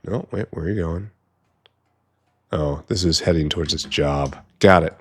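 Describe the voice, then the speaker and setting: A man's voice: a bass voice, moderate pace, husky. A man giving casual gameplay commentary, muttering to himself with wry asides as he works. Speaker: gameplay streamer.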